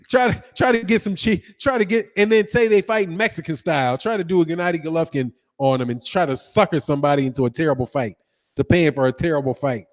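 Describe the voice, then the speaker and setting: A man's voice: on the high side, brisk, big-room sound. A man hosting a casual boxing livestream, reading viewer comments, laughing often and throwing in slang like "dog" and "man". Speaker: boxing channel host.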